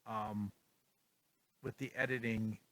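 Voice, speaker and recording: A man casually talking through his photos in a vlog, relaxed and rambling with lots of ums. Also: fairly low pitch, slow pace. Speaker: photography vlogger. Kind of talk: casual tutorial talk.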